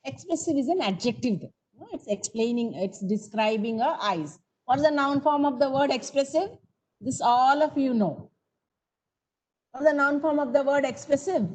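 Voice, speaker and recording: A woman's voice: high voice, moderate pace, a little mellow, rough recording. A woman teaching grammar in an online coaching class, coaxing students for answers and calling on them by name. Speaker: English teacher.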